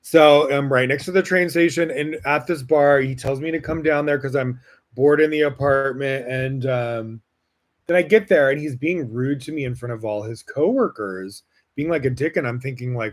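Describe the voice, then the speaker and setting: Man from Las Vegas, podcast host, mid-pitched voice, chatty and frank, fillers throughout. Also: moderate pace. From Las Vegas, United States. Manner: casual, heavy use of "like" fillers, frank and animated. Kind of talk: personal storytelling.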